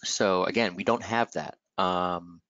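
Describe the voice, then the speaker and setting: Low-voiced man hosting a trading webinar. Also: steady tone, unhurried, a bit bright, dry recording, dull audio. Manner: conversational, filler-heavy, frequent "right?" tags. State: has the hiccups. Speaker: webinar host, market analyst. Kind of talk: live trading webinar commentary.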